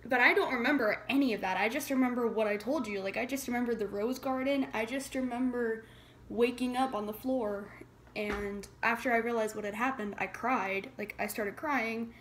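A teenage girl in high school chatting casually to camera, retelling a story with lots of "like" and acted-out quotes. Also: moderate pace, a little hiss or hum. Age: teens. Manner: chatty, says "like" a lot, dramatic retelling. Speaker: vlogger.

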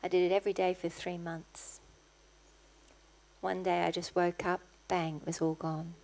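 A middle-aged woman, a guest pastor, preaching a sermon in church, rising to loud, passionate exclamations. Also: lowish voice, level tone, normal speed, creaky.

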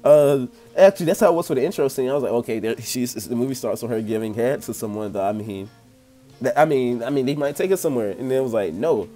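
A young man with a mellow, darker voice rants about a movie, laughing and swearing freely. He rambles, circles back, and keeps his tone loose and casual. A faint bit of music sits behind him. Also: mid-range voice, fast talker. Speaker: movie reviewer. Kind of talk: casual rant-style review.

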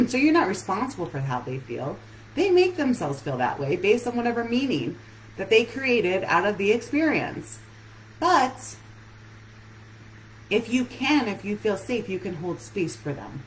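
A woman's voice: mid-range voice, big pitch swings, a little slow, a little hiss or hum, rough recording. A woman relationship coach giving an earnest live-streamed talk that puts many questions straight to her listeners.

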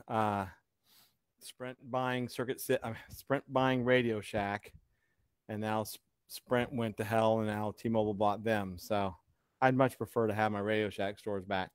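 A man's voice: mid-range voice, clean tone, no echo, clean studio sound. A man hosting a casual live chat, rambling and sarcastic. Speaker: host.

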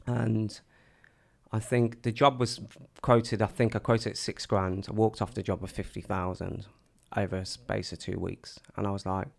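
A man's voice: fairly low pitch, moderate pace, creaky. A man telling his own story casually, acting out the things people said to him. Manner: animated storyteller acting out quoted dialogue.

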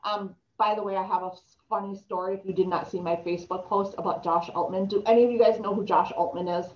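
A woman's voice: medium pitch, fairly even intonation, fast, a little mellow, a little hiss or hum. Chatty woman in an echoey room. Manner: chatty, storytelling, many ums. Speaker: real estate trainer. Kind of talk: casual talk to a group. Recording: echoey room, dull lo-fi sound.

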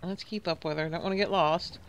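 A woman's voice: on the low side, fairly even intonation, a little fast, slight background noise. A woman casually talking through her gameplay, thinking aloud and reading out game text. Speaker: gaming video host.

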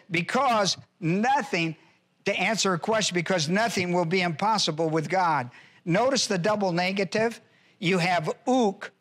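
Slow, high-voiced man teaching a sermon. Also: a bit bright. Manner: repeats key phrases for emphasis; spells out Greek words letter by letter. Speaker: pastor. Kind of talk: expository Bible teaching.

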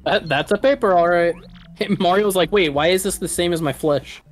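A man's voice: sits high, soft background music. A man co-hosting a casual gaming let's play, wisecracking and chatty. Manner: wisecracking, quick commentary.

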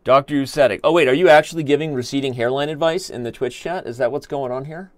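A man's voice: mid-range voice, fast talker, dry recording. A man in his thirties hosting a live stream, chatting casually and joking while he reads viewer comments aloud. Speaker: chess streamer host.

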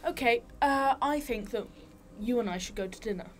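A woman's voice: fairly high pitch, normal speed, a little hiss or hum. A woman playing a tabletop game, blunt and jokey with plenty of swearing. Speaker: player. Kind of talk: tabletop game role-play.

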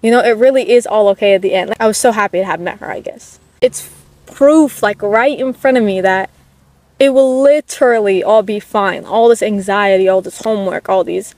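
Soft-spoken young woman, rambling and emotional. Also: medium pitch, brisk, dry recording. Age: late teens. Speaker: vlogger. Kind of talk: casual chat. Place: outdoors at a park. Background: dogs barking at times.

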